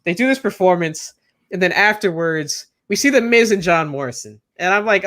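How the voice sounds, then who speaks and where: A man co-hosting a casual wrestling talk show, ranting in an animated way and often saying "bro" and "like". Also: high-pitched, moderate pace. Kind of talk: casual podcast chat.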